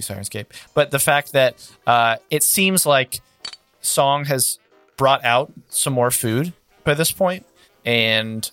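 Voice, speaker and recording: A man's voice: mid-range voice, a bit bright. Man running a tabletop game. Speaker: game master.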